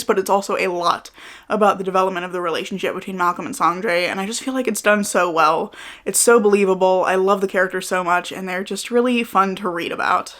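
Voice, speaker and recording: A woman's voice: mid-range voice, a bit bright. A woman giving casual book recommendations in a chatty way, often hedging with "like" and "I think". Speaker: book reviewer.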